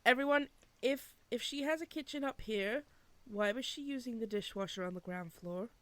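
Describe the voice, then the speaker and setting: A woman's voice: on the high side, normal speed. A woman playing a tabletop game, thinking aloud about the mystery with hesitant restarts. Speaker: player. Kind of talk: casual tabletop role-play chat.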